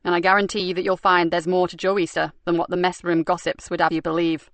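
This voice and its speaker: A blunt, dry-spoken senior police superintendent, as a woman reader puts him on, talking straight and with no fuss. Her voice sits low and is recorded close and dry, in a crime audiobook. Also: level tone, fast talker, no echo, lightly acted.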